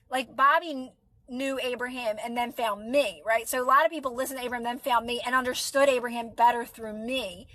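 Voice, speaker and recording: Bright high-voiced woman from Philly. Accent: Philadelphia. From Philadelphia. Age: adult. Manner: chatty, reassuring, talks to viewers by name. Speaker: manifestation coach livestreaming. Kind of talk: casual livestream chat answering comments.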